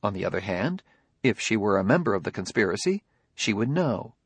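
A man doing a quiet, calm robot detective. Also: on the low side, slightly rough, no echo, heavily acted. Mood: calm reasoning. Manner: quiet, measured, polite.

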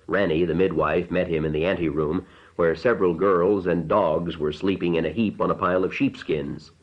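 A man reading an audiobook narration in a measured, unhurried way. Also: low-pitched, steady tone, highs cut off.

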